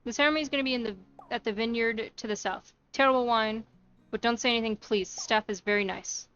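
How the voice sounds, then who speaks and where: A woman's voice: on the high side, fast, fairly bright tone, highs cut off, natural voice. A woman reading as a flustered young bride. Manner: flustered, chatty. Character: nervous young bride-to-be planning a DIY wedding. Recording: faint music behind.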